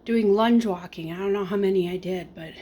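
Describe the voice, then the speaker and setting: A woman's voice: medium pitch, fairly quick, mellow, a little hiss or hum. A young woman rambling casually to the camera while she cooks, a little out of breath. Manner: rambling, chatty, self-talking while cooking. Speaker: vlogger. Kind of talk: casual cooking vlog chat.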